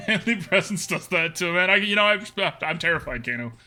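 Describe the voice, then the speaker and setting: A man's voice: high voice, animated, fairly quick, pushed and bright, faint music behind. A man streaming a card game live, chatting casually with his viewers and laughing often. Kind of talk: live gameplay commentary.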